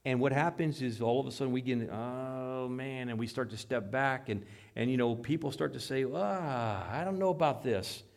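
A pastor preaching a sermon, reading scripture aloud dramatically and dropping into quiet asides, asking the congregation questions. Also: male voice, medium pitch, fairly even intonation, moderate pace, gravelly, hardly any pauses. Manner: dramatic, swings between loud scripture reading and hushed asides.

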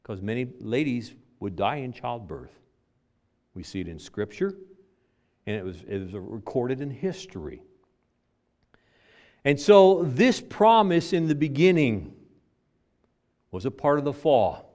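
A middle-aged man preaching a sermon, telling a personal story with frequent restarts and swings between loud and soft. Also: medium pitch, unhurried, long pauses. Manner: lively storytelling, repeats words, varies volume widely.

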